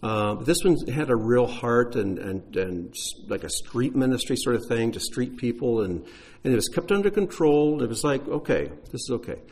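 A man's voice: medium pitch, expressive, normal speed, few pauses, a little mellow. A man leading his congregation, a pastor answering questions in a casual, explanatory way with frequent restarts. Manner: conversational, explanatory, uses fillers and restarts.

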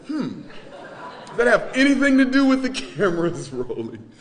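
A man's voice: sits high, sing-song, a little slow. A man giving a sermon, earnest and exhorting, with humorous asides. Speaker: guest preacher.

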